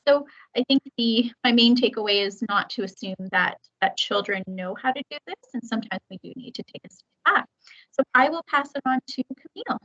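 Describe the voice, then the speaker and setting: A Canadian teacher, a woman with a bright, crisp voice, sums up her main takeaway before handing over. The call audio sounds dull and lo-fi. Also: medium pitch. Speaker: teacher presenting to educators. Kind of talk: explanatory workshop presentation.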